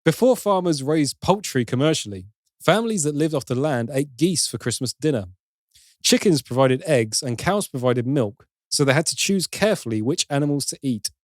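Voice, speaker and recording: A man's voice: on the high side, animated, moderate pace, dry recording, studio quality. A man co-hosting a podcast, reading out trivia and joking with casual swearing. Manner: reads facts aloud, then jokes and swears casually. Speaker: podcast co-host. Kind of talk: casual chat with read-out trivia.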